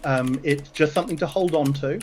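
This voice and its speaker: A man narrating a tabletop game as game master, pausing often with fillers and restarts. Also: a little high, darkish tone, slight background noise, poor audio. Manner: halting, many fillers and restarts.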